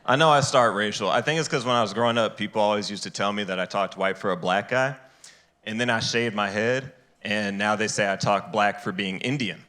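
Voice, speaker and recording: A man performing a stand-up comedy set on a live stage, jumping into high, loud voices to act out other people. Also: fairly quick.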